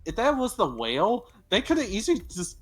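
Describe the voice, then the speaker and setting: A man with a fairly high voice chats casually on a gaming stream. He rambles from tangent to tangent and restarts his sentences often. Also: huge pitch swings, fairly quick. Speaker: gamer on a stream. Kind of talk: casual chat while gaming.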